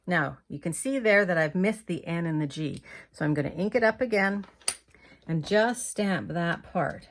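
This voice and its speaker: A woman from Canada hosts a hands-on paper crafting tutorial, narrating each step as she works. Her voice sits a little low for a woman, and her delivery is friendly and explanatory. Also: slight background noise.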